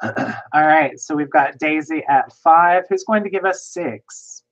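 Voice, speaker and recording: A co-host calling bids in a casual online jewelry auction, brisk and quick with the bid calls. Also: medium pitch. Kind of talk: casual livestream chat. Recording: dull lo-fi livestream audio.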